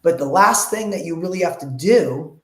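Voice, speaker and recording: A man's voice: fairly high pitch, lively intonation, normal speed, fairly bright tone. Earnest man in an echoey room. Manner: earnest, explaining with retold dialogue. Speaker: interview guest. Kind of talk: conversational interview.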